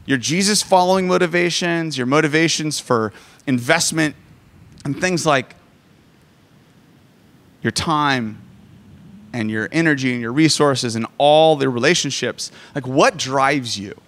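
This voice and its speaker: A man's voice: fairly high pitch, a little slow, pauses often, a bit bright. A man in his forties preaching a sermon, joking and self-deprecating as he talks. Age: 40s. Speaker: pastor.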